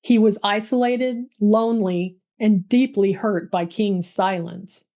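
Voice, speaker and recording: A woman's voice: medium pitch, takes it slowly, dark tone. A woman narrating a scripted history story in a dramatic, vivid storytelling manner.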